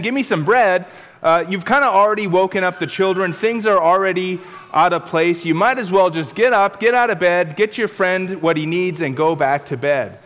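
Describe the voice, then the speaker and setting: A man with a fairly high voice delivers a relaxed, conversational sermon, unpacking scripture and slipping into acted-out asides. His words ring with the long reverb of a large hall. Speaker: preacher.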